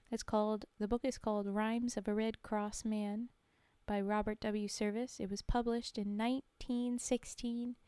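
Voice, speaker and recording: Woman streamer, halting casual chat, slow and dry-close. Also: medium pitch, clean tone, no echo. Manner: halting, full of soft fillers. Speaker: streamer reading poetry.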